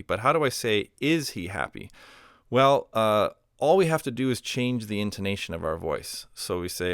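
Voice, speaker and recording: A man calmly teaching a recorded grammar lesson, explaining step by step with example phrases and a few ums and uhs. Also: fairly low pitch, normal speed, smooth, no room sound, studio quality. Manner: patient explaining with spoken examples, fillers like um and uh. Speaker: language teacher.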